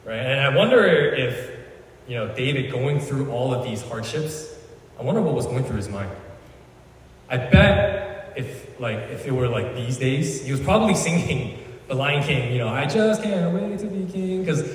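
A man's voice: mid-range voice, lively intonation, moderate pace. A man giving a casual sermon as a youth pastor, chatty and slangy, retelling the story with lots of asides. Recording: echoey hall, voice from far off.

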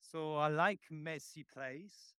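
A French-accented man in his forties, a guest on a podcast, speaks in careful, halting English full of fillers. His voice sits a little high and sounds smooth and clear, and the recording is dry with no room echo. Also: fairly bright tone. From France. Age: 40s. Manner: slow, halting, many fillers. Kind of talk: podcast interview.

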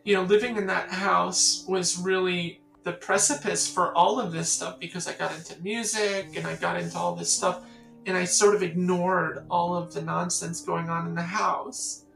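Songwriter woman, low gravelly voice, lively storyteller, roomy echo. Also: moderate pace, faint music behind. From Catskills, New York. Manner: animated storyteller acting out quoted voices. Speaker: songwriter guest. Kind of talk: casual storytelling interview.

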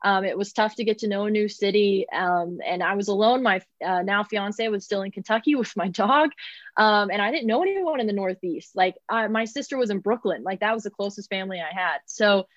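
A woman's voice: mid-range voice, fairly quick, dry recording, lo-fi sound. A young woman who calls minor league baseball games, answering interview questions in a chatty way with lots of fillers. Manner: chatty, many fillers, laughs often.

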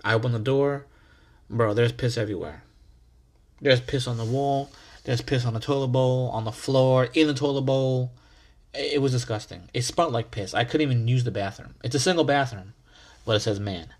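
A man hosting a podcast, telling a story in a casual, animated way, heavy on slang and repeated phrases for emphasis. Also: medium pitch, normal speed. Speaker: podcast host.

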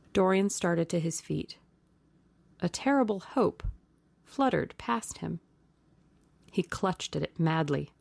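Gravelly woman reading a classic novel. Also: on the low side, measured pace, a little mellow, dry recording. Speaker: audiobook narrator. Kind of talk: scripted audiobook narration.

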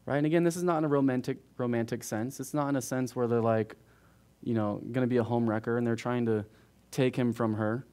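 A man's voice: mid-range voice, steady tone, fairly quick, mellow. A man teaching verse by verse through a book of the Bible to his congregation, talking casually and checking in with frequent asides to the room. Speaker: pastor. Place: church.

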